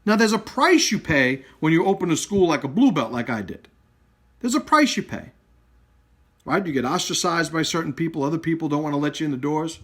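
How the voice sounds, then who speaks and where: A man with a high, lively voice gives a blunt live-video rant about his martial arts school. He swears freely and drives each point home with hard emphasis. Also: fairly quick, breathy edge. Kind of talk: blunt, profane direct-to-camera rant.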